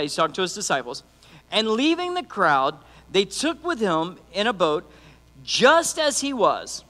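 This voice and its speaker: A middle-aged man preaching a lively sermon as youth pastor, joking and acting out the people in his stories. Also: sits high. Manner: animated, acts out quotes, joking asides. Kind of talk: energetic sermon. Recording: long reverb of a church hall.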